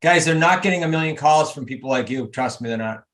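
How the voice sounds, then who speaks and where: A man coaching a group on a video call, talking in an emphatic, motivational way with quick asides. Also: on the high side, a bit bright. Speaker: real estate coach.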